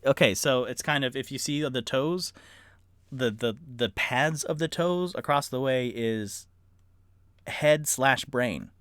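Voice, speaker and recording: A man's voice: medium pitch, no echo, clean studio sound. A man streaming live from his room at home, narrating a tabletop game as dungeon master and rambling to his chat. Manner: animated, rambling, talks to chat. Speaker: dungeon master and solo player.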